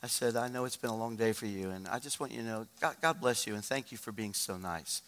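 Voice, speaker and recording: A man's voice: on the low side, fast. Fiery male preacher in a reverberant hall. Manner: swings from shouted urgency to hushed storytelling. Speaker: pastor. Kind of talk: sermon.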